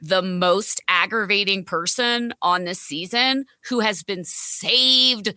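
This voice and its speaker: A woman's voice: medium pitch, slow pace, bright, forceful tone, no room sound, studio quality. A woman guest on a podcast, ranting bluntly and casually about a reality TV episode and swearing freely. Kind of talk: casual chat recapping reality TV.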